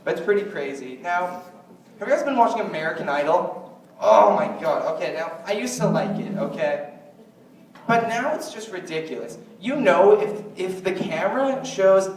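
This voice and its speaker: A man's voice: high voice, lively intonation, moderate pace, recorded from a distance, a little hiss or hum. A man doing a stand-up comedy routine, rambling and jokey, often slipping into mock quotes of other people. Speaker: stand-up comic. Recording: echoey room, voice from afar.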